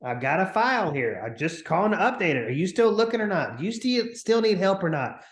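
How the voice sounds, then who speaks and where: A man coaching real estate agents on a video call, talking in an energetic, chatty way and acting out upbeat phone calls. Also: high-pitched, a little fast, reverberant. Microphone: computer mic on a video call.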